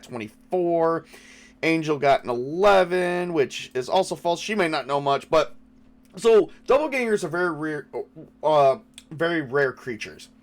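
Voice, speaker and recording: A man running a tabletop game as game master, thinking aloud with many fillers and restarts. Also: on the high side.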